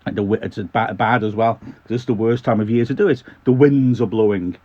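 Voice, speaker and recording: A man's voice: lowish voice, a little fast, a little mellow, highs cut off. A male teacher giving a classroom lesson on a poem, explaining informally and often restarting his sentences.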